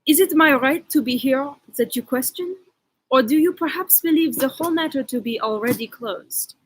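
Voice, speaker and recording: A woman's voice: sits high, normal speed, lightly acted, rough recording. A woman voicing a timid, anxious young Frenchman with an exaggerated French accent, pleading formally.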